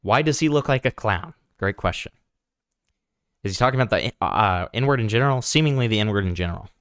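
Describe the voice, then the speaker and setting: A man's voice: lowish voice, expressive, a little fast, fairly bright tone, clean tone, dry recording, studio quality. A young man hosting online commentary, sarcastic and pointed, asking rhetorical questions. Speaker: commentary channel host.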